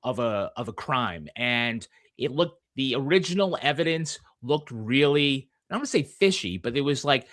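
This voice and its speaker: A man's voice: mid-range voice, lively intonation, moderate pace, a bit bright, no room sound. A man from Massachusetts with a Boston accent, a guest author in casual podcast conversation who tells stories at length and plays along with teasing.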